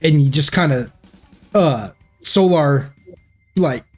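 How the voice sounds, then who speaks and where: Over background music, a man acts as game master for a tabletop game, narrating slowly in a slightly high voice with lively intonation. He's hesitant and full of fillers, and he voices the characters' quoted lines.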